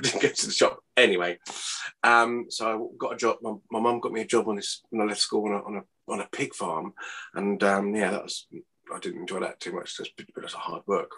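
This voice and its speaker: A man, rambling and laughing as he chats in an interview, his voice not yet warmed up. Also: on the low side. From Hertfordshire, England. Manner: rambling, chatty, laughs often, says mate. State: voice not warmed up, early morning. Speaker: impressionist guest. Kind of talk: casual interview chat.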